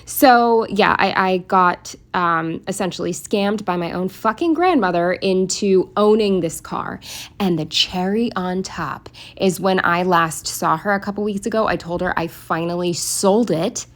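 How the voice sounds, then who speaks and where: A woman's voice: on the low side, measured pace. A young woman venting in a casual, rambling storytime, exasperated and swearing freely. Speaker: planner vlogger.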